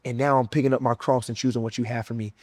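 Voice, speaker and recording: Young Southern guy, mid-pitched, giving an earnest and emotional personal testimony. Dry, close recording. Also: level tone, racing, darkish tone, no echo. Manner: earnest, emotional storytelling with casual slang. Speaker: former college football player sharing his testimony.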